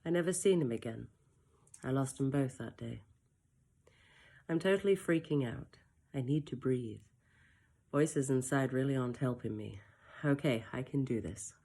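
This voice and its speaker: A woman's voice: rumbling low, warm tone. A woman reading the opening of her own novel aloud as its first-person narrator, in a plain storytelling voice. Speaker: author reading her book.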